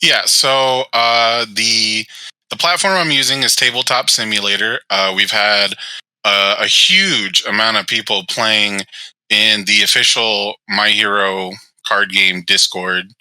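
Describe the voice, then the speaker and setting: A man in casual chat as a guest tournament organizer, explaining at a measured pace with many fillers. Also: lowish voice, steady tone, bright, forceful tone, smooth, dry recording, low-quality recording.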